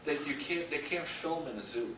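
At normal speed and a little high, his tone sharp, the middle-aged man lectures casually as a guest, drawing on his work as an animation storyboard artist. He rambles through anecdotes, laughs often and acts out quotes. Recorded in an echoey school lecture room on a distant mic, with faint hiss.

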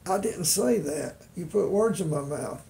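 A man's voice: high-pitched, expressive, unhurried, vocal fry, dark tone, heavily acted. A man voicing his cheeky male monkey ventriloquist dummy, which talks back and argues with him in short puppet banter. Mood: indignant. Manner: sassy, contrary puppet banter.

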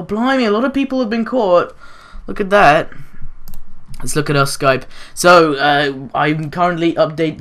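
Young man, gaming YouTuber, rambling excitable commentary with gasps and giggles. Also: on the high side. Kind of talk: casual gameplay commentary.

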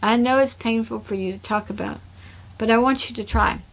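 A woman voicing a gentle, earnest young man in a storybook reading, soft and solemn in tone. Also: fairly high pitch, a little fast, creaky.

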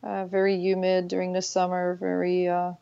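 A woman's voice: fairly low pitch, monotone, normal speed, creaky, clean tone. A woman with a French Canadian accent whose first language is French, a guest in a casual interview who sometimes searches for her English words. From Quebec City, Canada. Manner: friendly, hesitant, searching for words. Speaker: guest, online seller. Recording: dull lo-fi audio.

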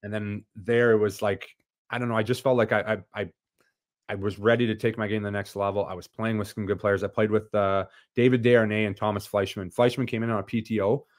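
A man chats as a podcast guest with a low voice, recorded dry and close. He tells stories loosely, restarting sentences and filling with "like." The talk is casual and unscripted. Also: level tone, fast, no room sound. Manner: storytelling, frequent restarts and "like" fillers. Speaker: podcast guest, former hockey player.

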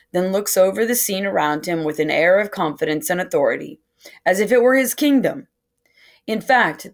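A woman teacher reading a novel aloud to a class in a steady first-person storytelling way. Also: medium pitch.

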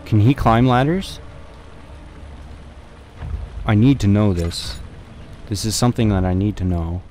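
A man's voice: fairly low pitch, unhurried, mellow, a little hiss or hum. A young man casually commenting on a horror game as he plays, swearing and talking to himself. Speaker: let's play gamer.

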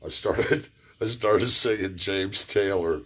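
A man's voice: low voice, takes it slowly, a bit bright. A man telling a personal story in a laid-back, profane, rambling way. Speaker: vlogger. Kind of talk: casual storytelling.

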